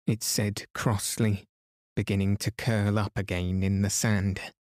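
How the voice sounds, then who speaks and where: Man, bedtime story narrator, very slow, calm and soothing, lowish voice, dry close recording. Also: no room sound. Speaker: podcast host, reader.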